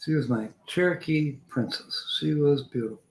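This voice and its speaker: A man's voice: a little high, moderate pace, a little mellow, poor audio. An older man hosting a casual live stream, reading viewer comments aloud and joking with a frequent chuckle.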